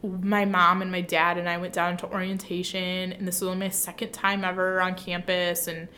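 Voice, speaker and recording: A woman's voice: lowish voice, moderate pace, a little hiss or hum. A young woman from the Midwest telling a personal story in casual chat, talking chattily with lots of fillers. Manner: chatty, lots of "like", animated retelling.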